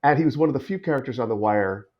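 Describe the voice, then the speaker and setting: A man's voice: medium pitch, rapid-fire. A middle-aged man talks through his career in a podcast interview, circling back on himself with lots of stammered restarts. His voice sits in an ordinary middle range, and the audio comes across dull and lo-fi. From United States. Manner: thoughtful, many restarts and repeated words. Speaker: guest actor.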